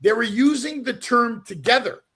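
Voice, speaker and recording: A man from Canada, a guest comedian on a podcast, telling animated, profane stories and acting out the people in them. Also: very high-pitched, moderate pace. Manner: animated, profane anecdotes with acted-out voices. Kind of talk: storytelling podcast chat.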